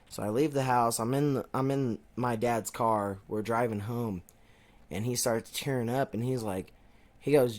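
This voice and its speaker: A man's voice: mid-range voice, unhurried, darkish tone. Young man, podcast co-host, casual chat, rambling, swears a lot, acts out quotes.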